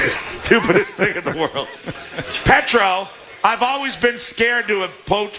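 A man from Southern California hosting a live sports radio remote from a restaurant, joking and often laughing. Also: high voice. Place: restaurant, indoors public space.

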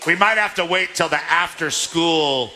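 Broadcasting a live sports radio remote from an indoor restaurant, a man from Southern California keeps the mood light with jokes and frequent laughter. His voice sits fairly high and moves at a moderate pace.

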